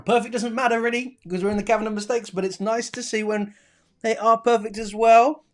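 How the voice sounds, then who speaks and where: A teacher runs a live online lesson for children. The voice keeps up a steady stream of encouragement, reading pupils' answers aloud and piling on praise. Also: medium pitch, brisk. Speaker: primary school teacher.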